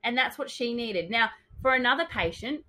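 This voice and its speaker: A young adult woman co-hosting a casual podcast, telling a story with lively quoted dialogue. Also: on the high side, moderate pace, rough recording. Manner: animated storytelling, acts out quotes. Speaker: dental hygienist podcast co-host. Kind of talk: casual chat.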